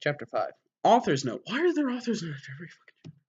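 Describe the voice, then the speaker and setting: A man giving a mock-dramatic reading of a story, breaking off for wry, deadpan sarcastic asides. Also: fairly high pitch, fast talker, breathy edge, dull audio. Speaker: comedic reader.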